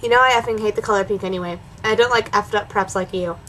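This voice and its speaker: A woman's voice: mid-range voice, steady tone, fast, background noise. A woman doing a comedic dramatic reading of a bad story, breaking off for sarcastic asides. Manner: sarcastic, mocking, switches between reading and snarky asides. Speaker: reaction video host.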